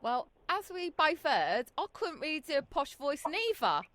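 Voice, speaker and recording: A female radio co-host puts on a common London accent and banters cheekily. Her voice is high, lively and bright. The studio sound is dry. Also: normal speed. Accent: put-on common London. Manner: cheeky, slangy.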